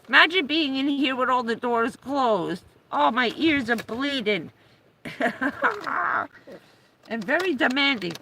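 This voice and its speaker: A woman's voice: on the high side, big pitch swings, unhurried, vocal fry, pushed and bright, a little hiss or hum, rough recording. A middle-aged woman chatting casually on a live stream, talking to her dog in a coaxing raised voice and telling stories. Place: parked vehicle on a rainy day.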